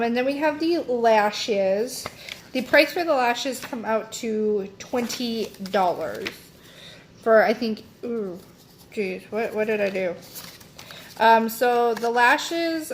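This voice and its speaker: A woman's voice: a little high, slow pace, a little hiss or hum. A young woman chatting casually as she unboxes beauty products, rambling with lots of fillers and self-corrections. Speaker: beauty vlogger.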